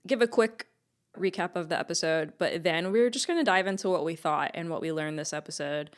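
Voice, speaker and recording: A woman co-hosting a casual podcast, her voice sitting a little low. She walks through the plot in an upbeat way and laughs often. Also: a little fast. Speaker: podcast co-host.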